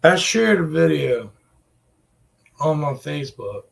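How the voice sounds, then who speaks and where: Man, gaming channel host, high and gravelly voice, slow profane rants. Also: sing-song. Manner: profane, exasperated ranting. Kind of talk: ranting gameplay commentary.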